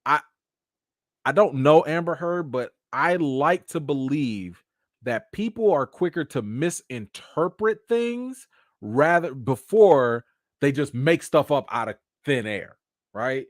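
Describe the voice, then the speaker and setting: A man hosting a live commentary chat, talking in an animated, slangy way. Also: fairly high pitch, takes it slowly, no room sound, clean studio sound. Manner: animated, slangy, acts out quotes. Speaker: host.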